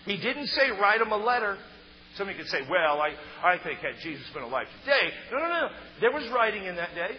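A man preaching a sermon, emphatic and stressing key words loudly. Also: sits high, very animated, brisk, a little hiss or hum. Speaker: pastor. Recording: muffled sound in a reverberant hall.

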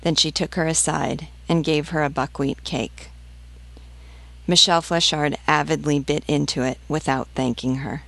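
A woman reading a novel aloud in a measured, expressive way. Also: sits low, creaky, dry recording. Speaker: audiobook reader and guide. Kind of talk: literary audiobook reading.

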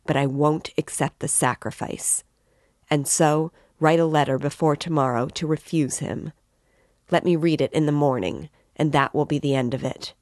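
A woman's voice: low voice, a little mellow, no echo, studio quality. A woman voicing a feverish, irritable young man who speaks in a broken voice.

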